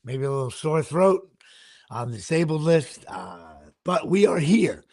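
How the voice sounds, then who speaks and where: A man with a hoarse voice hosting a casual sports podcast, rambling and poking fun at himself. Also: a little high, sing-song, unhurried, darkish tone, no room sound, studio quality. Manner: rambling, self-deprecating. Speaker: podcast host.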